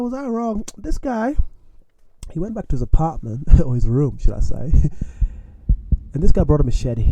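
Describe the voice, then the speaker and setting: A young man telling a story from his own life in a casual, animated way, with slang and frequent chuckles. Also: mid-range voice, lo-fi sound, a little hiss or hum.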